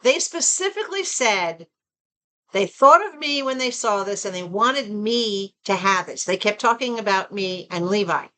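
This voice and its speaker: A woman with a Southern American accent chatting casually and expressively to her viewers from home. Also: normal speed. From Southern United States. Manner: chatty and expressive, rising to animated pitch when excited. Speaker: vlogger. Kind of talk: casual chat.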